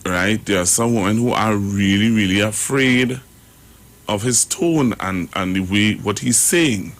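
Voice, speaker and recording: Trinbago radio host guy, talks slow, lots of ums and restarts. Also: lowish voice, fairly bright tone. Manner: rambling, halting, full of fillers and restarts. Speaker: radio talk show host. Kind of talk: radio commentary.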